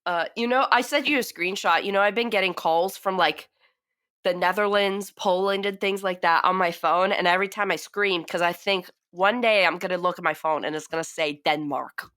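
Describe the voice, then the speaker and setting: A woman's voice: on the low side, moderate pace. A woman co-hosting a film review podcast, chatting casually, laughing and acting out quotes. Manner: animated, laughs often, acts out quotes. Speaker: podcast co-host.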